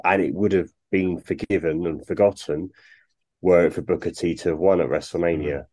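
A man's voice: low-pitched, fairly even intonation, normal speed, a little mellow. A man appearing as a podcast guest, thoughtful and explanatory in casual chat.

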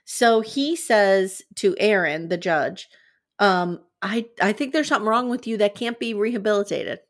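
A young adult woman co-hosting a talk podcast, recounting a story step by step in an earnest, conversational way. Her voice sits at an ordinary middle pitch, neither high nor low. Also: normal speed. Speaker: podcast co-host. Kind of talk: casual recap chat.

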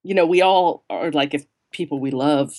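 A woman's voice: low-pitched, moderate pace, darkish tone, no echo, clean studio sound. A woman author being interviewed, chatting casually and joking about herself, with plenty of ums and you-knows. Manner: chatty, self-deprecating, lots of fillers. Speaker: guest author.

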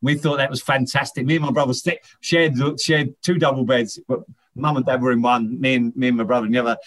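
Older bloke rambling through old stories, lots of restarts and stammered words. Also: male voice, medium pitch, steady tone, quick pace, fairly bright tone. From England, Northern Irish parents. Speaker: guest, former footballer. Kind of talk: casual interview chat.

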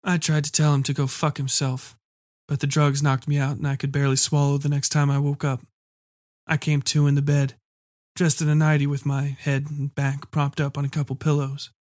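Man reading a dark story, flat and dry. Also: on the high side, normal speed, no echo. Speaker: audiobook reader. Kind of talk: first-person story narration.

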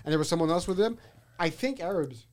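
A man's voice: a little high, animated, fast talker. A man co-hosting a comedy podcast, telling a story in loose, casual banter, laughing often and swearing freely.

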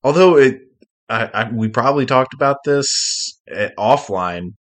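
A man in casual podcast chat, telling wry deadpan stories. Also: medium pitch, a little slow. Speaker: podcast co-host.

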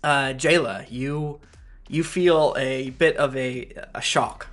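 A man running a tabletop game as game master, narrating haltingly with many restarts. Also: mid-range voice, fairly even intonation, fairly bright tone, soft background music. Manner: halting, lots of restarts and fillers.

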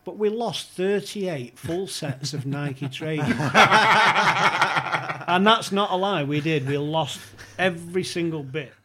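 A man's voice: fairly high pitch, slow, very noisy. A man telling a funny football anecdote on a podcast, acting out the quotes and laughing often. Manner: animated storyteller, laughs often, acts out quotes. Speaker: podcast guest.

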